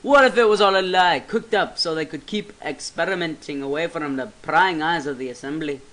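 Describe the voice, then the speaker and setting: A man's voice: on the high side, fairly quick, a bit bright, natural voice, low-quality recording. A man voicing a stern male statesman in a video game, putting on a Scottish accent and speaking in a declamatory way. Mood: accusing. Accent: put-on Scottish.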